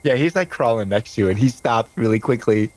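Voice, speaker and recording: Brief: male game master, relaxed, drawn-out scene-setting, chuckles between lines. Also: medium pitch, low-quality recording. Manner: slow descriptive narration with laughs. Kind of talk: narrating a tabletop game.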